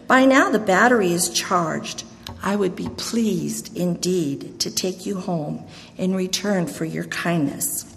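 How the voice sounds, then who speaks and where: A woman's voice: fairly low pitch, takes it slowly, creaky, a bit bright, slight background noise, full character voice. A woman voicing a polite, formal male pastor. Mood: courteous. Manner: formal, courteous. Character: polite courteous male pastor, middle-aged. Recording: long hall reverb.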